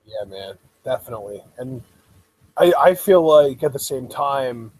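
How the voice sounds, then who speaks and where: A man co-hosting a casual wrestling review chat, relaxed and thoughtful with a few restarts. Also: medium pitch, unhurried, poor audio. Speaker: co-host reviewing wrestling episodes.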